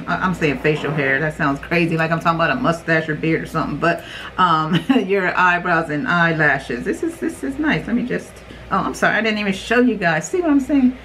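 A young adult woman chatting casually while unboxing beauty products, rambling, her voice jumping high when she reacts. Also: brisk, fairly bright tone, slight background noise, low-quality recording. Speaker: beauty vlogger.

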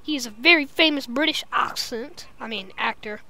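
A young woman with a high, light voice co-hosts a homemade podcast. She chats casually, giggles often and teases her co-host in a playful, joking way. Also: normal speed, vocal fry, bright, forceful tone, slight background noise. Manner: giggly, playful, trades silly jabs. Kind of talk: casual chat.

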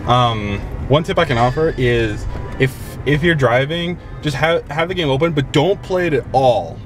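Male vlogger, mid-pitched, rambling phone-recorded commentary over background music. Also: normal speed. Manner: rambling, chatty, frequent restarts. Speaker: gaming vlogger. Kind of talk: casual vlog commentary. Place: outdoors and in a car while driving.

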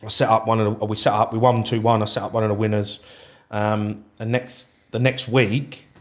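A man's voice: fairly low pitch, level tone, moderate pace. A man guesting on a podcast as a former footballer, telling his story candidly and swearing freely. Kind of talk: casual storytelling interview.

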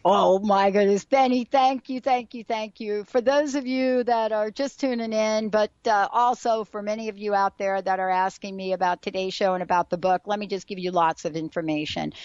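A woman's voice: medium pitch, clean tone, no echo, highs cut off. A woman hosting a radio talk show, chatty and effusive as she introduces her guest. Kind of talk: radio interview.

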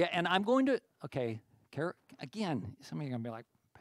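A man's voice: on the high side, sing-song, a little fast, no room sound. A man preaching a sermon as pastor, talking in a conversational way with many restarts and climbing to emphatic peaks.

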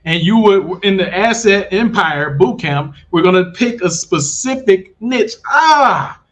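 A man coaching viewers in a casual, animated talk, often checking they follow along. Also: sits high, measured pace. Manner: animated, talks straight to viewers with repeated check-ins. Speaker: online business coach. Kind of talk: casual livestream pitch.

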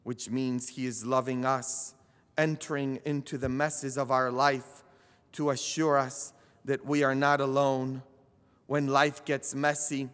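A male priest delivers a sermon at a very slow, deliberate pace, his voice bright and sharp. He leans on emphatic phrases that build to loud peaks. The sound carries a long church reverb. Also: medium pitch, level tone, clear, resonant tone. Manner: slow, emphatic preaching that swells to loud climaxes. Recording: echoey church hall.

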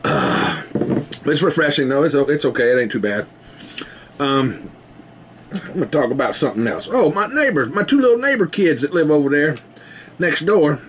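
A man's voice: on the high side, big pitch swings, normal speed, pauses often, slight background noise. A man rambling casually to his camera at home, laughing often. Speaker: vlogger. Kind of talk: casual rambling video chat.

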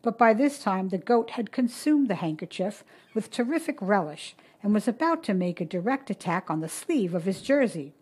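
A woman narrating a short story in a steady, measured reading voice. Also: mid-range voice, husky.

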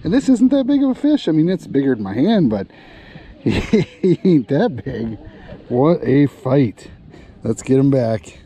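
Slow, mellow fishing vlog man. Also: medium pitch, sing-song. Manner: chatty, talks to the fish and viewers. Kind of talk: casual fishing vlog narration. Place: outdoors on a boat on a lake.

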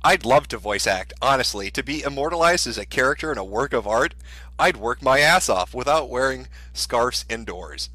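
A man delivers a sneering, profane commentary rant, his voice swinging up and down in pitch. His tone is bright and forward. The sound is dry and close, with no room around it. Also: lively intonation, normal speed, no room sound. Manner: mocking, profane, sarcastic. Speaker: commentary streamer. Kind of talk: ranting commentary.

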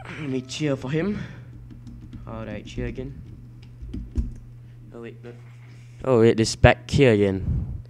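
A man giving let's play commentary at his computer, excitable and quick to shout and swear at the game. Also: medium pitch, slight background noise. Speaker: gameplay commentator.

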